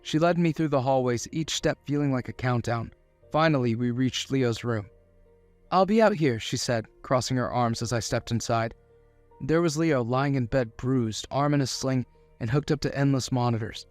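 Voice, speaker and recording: A man narrating a first-person romance story in a steady scripted delivery. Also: medium pitch, moderate pace, soft background music.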